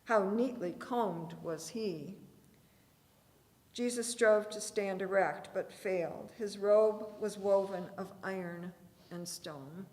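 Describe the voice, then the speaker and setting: A woman reading a dramatic scripted narration aloud in a church, with deliberate storytelling. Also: mid-range voice, darkish tone. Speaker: reader. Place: church sanctuary. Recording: reverberant church hall.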